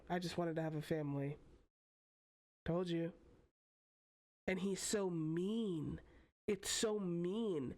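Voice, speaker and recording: A woman's voice: fairly low pitch, slow, pauses often, warm tone. A young woman giving casual reaction commentary as host, emphatic and blunt, swearing casually.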